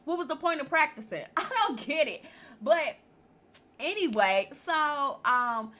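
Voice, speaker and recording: In a casual vlog, a woman recaps a reality show bluntly and animatedly, chatting, laughing often, and speaking with features. Her voice is high-pitched and a little slow.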